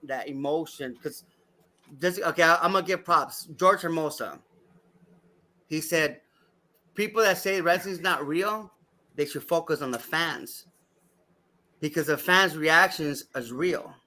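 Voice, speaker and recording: A man, a wrestling referee guest on a podcast, telling stories in a lively, profane way and acting out other people's voices. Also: on the high side, unhurried, pauses often. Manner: animated, acts out voices, swears freely. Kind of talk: casual podcast storytelling.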